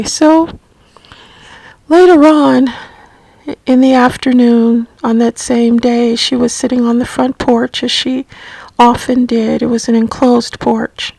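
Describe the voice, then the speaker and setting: A middle-aged woman telling a personal story about caring for her mother, slow and gently reflective. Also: on the high side, steady tone, gravelly, no room sound, low-quality recording. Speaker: family caregiver recounting her mother's illness.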